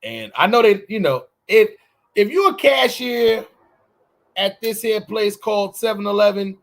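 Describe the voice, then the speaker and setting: A man co-hosting a casual morning podcast, talking in an animated, profane way and swinging his voice around when he acts out quotes. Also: high-pitched, measured pace, vocal fry. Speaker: podcast co-host. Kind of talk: casual morning show banter.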